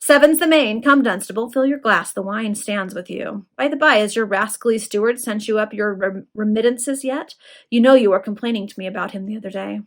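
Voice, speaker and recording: A woman reading the part of an ironic young gentleman who talks in a smooth, quietly mocking way. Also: mid-range voice, brisk, natural voice. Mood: polite irony.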